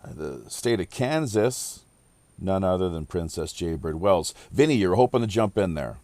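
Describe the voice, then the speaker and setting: A man's voice: deep voice, animated, darkish tone, dry recording. A man hosting a casual podcast round-table, rambling with lots of fillers. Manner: rambling, filler-heavy, deliberate. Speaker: podcast host.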